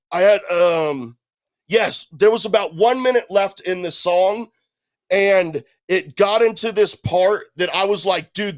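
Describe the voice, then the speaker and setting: A man's voice: high voice, no echo. A man co-hosting a podcast, chatting loosely about an album with plenty of fillers. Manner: loose, rambling, fillers and restarts. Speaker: podcast co-host. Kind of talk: casual album review chat.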